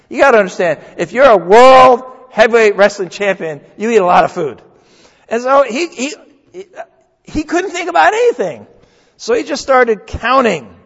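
An older male pastor gives a folksy, joking sermon with a lively voice that swoops up and down. His voice sits high for a man. The recording is dull and carries a long echo from the church hall. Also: moderate pace, vocal fry. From New England. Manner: folksy, joking, animated preaching. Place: church sanctuary.

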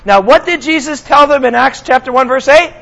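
Man, pastor, sermon, very high voice, chatty and sarcastic. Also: a little fast, gravelly, a bit bright, low-quality recording. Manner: conversational, with sarcastic asides to the congregation.

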